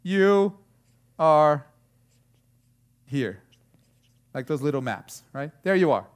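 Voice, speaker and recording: A man's voice: fairly high pitch, very animated, takes it slowly. A man in his thirties preaching a sermon, telling a family story with lots of fillers and restarts. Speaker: pastor.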